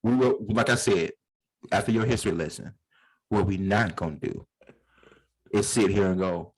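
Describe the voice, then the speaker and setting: A man's voice: low voice, normal speed, long pauses, slightly rough, low-quality recording. A man co-hosting a casual podcast over a video call, emphatic and playfully indignant in banter. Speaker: podcast co-host. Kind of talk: casual chat.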